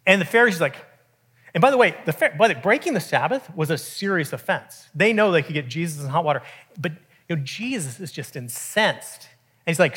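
A man, preaching a sermon in a conversational, animated way with frequent restarts. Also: on the high side, brisk, slightly rough. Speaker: pastor.

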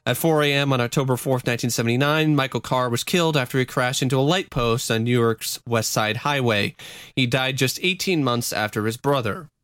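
A man's voice: medium pitch, a little fast, a bit bright, clear, resonant tone, no echo, clean studio sound. A man co-hosting a casual true-crime podcast, loose and laughing, with swearing. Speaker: podcast co-host.

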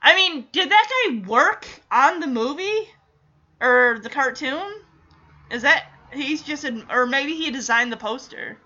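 A woman's voice: high-pitched, expressive, a little slow, sharp tone, highs cut off. A woman giving casual, wry reaction commentary, chatty and acting out characters' lines as she recaps. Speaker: reaction video host.

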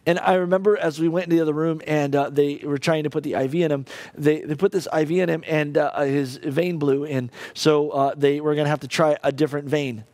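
A male pastor preaching a sermon and telling a personal story, halting and emotional with many restarts. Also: a little high, fairly even intonation, darkish tone, dry recording.

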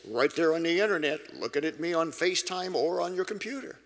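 A man preaching to an audience in an emphatic way, breaking into sudden loud, high outbursts. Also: animated, quick pace. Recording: long reverb of a large hall.

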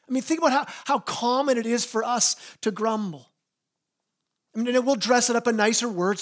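A man's voice: very high-pitched, moderate pace. A man preaching a sermon as pastor, earnest, often repeating words as he starts a phrase.

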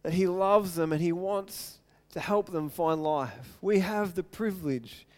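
A man's voice: sits high, unhurried, darkish tone. A male pastor preaching an earnest sermon, retelling a story and acting out its quotes.

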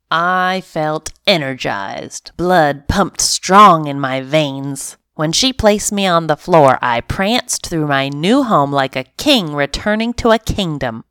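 A woman narrating a family pet storybook in an expressive, animated first-person reading. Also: low-pitched, clear, resonant tone, no echo. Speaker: story reader.

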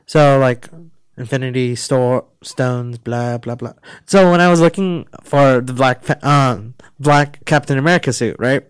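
A man's voice: medium pitch, unhurried, smooth, no echo. A man in casual chat, giving short agreeing replies and explaining in a loose, hesitant way. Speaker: co-host.

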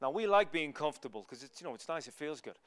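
A man preaches as a guest speaker, his voice a little high and smooth. He tells his stories with lots of energy and acts out the people in them. The sound is dry and close. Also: expressive, fast, a bit bright, dry recording. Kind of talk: storytelling sermon.

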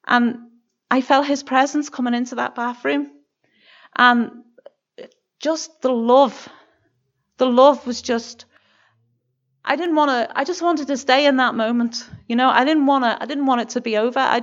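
Earnest Northern Irish woman, halting testimony. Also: sits high, steady tone, lo-fi sound. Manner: earnest, emotional, halting with many restarts. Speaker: church member giving testimony. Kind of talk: personal testimony. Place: church.

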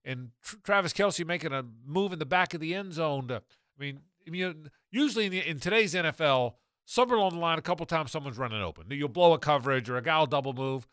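A man hosting a sports talk show, talking football in an animated, rambling way with many restarts. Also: on the high side, fast talker, clear, resonant tone, no room sound, studio quality. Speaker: sports radio host.

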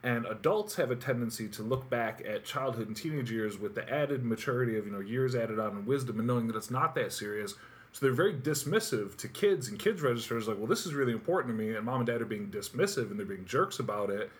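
A man co-hosts a podcast and talks very fast. He rambles through his explanations and slips jokes in as he goes. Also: medium pitch. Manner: rapid, joking, rambling explanations. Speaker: podcast co-host. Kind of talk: casual podcast chat.

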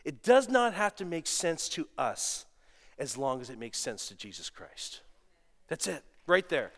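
A middle-aged man preaching a sermon, animated, moving between loud exclamations and quiet asides, telling stories with self-deprecating humor. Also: fairly high pitch, measured pace. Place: church sanctuary. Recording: long reverb of a church hall.

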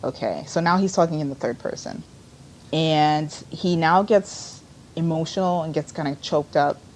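Woman, deep voice, detailed plot recap, casual podcast talk. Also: moderate pace, darkish tone, slight background noise. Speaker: podcast co-host recapping a show. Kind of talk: casual chat, retelling scenes.

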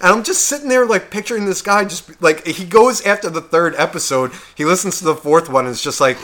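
Foul-mouthed animated man, bright voice. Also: high voice, a little fast. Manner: swears constantly, animated storytelling. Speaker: podcast co-host. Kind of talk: casual chat.

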